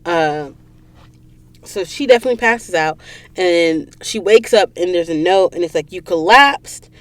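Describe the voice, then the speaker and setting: A woman hosting a podcast and recapping a book in a casual, animated way, acting out the characters' lines while sniffling from allergies. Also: fairly low pitch, moderate pace, no room sound. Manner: animated storyteller, acts out quoted lines. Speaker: podcast host. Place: recording booth.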